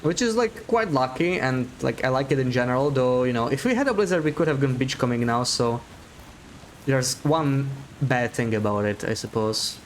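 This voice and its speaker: A man's voice: medium pitch, animated, moderate pace, slight background noise. A man giving live gameplay commentary as a streamer, chatting to his viewers, thinking aloud and laughing often.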